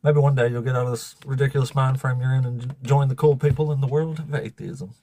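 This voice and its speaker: Choked-up raspy man on a livestream. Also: mid-range voice, fairly even intonation, fast talker, dark tone. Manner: overwhelmed, laughing, swearing, thanking viewers. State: emotional, fighting back tears. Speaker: livestream host. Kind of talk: casual livestream chat.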